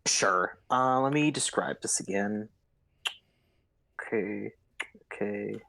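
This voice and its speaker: A man narrating as game master over voice chat, casual and halting, with many fillers and restarts. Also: fairly low pitch, vocal fry, pushed and bright, dry recording.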